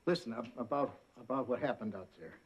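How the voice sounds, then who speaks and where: A man's voice: medium pitch, brisk, dull audio, background noise, natural voice. An actor playing a mild-mannered male sidekick and announcer who stammers when flustered, in a sitcom. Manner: stammering, hesitant. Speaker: talk show sidekick and announcer. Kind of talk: sitcom acting.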